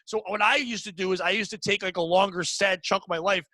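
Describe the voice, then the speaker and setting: A man hosting a podcast, talking shop about comedy in a casual, profane, animated way. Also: high voice, fast, dry recording. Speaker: podcast host. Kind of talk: casual chat.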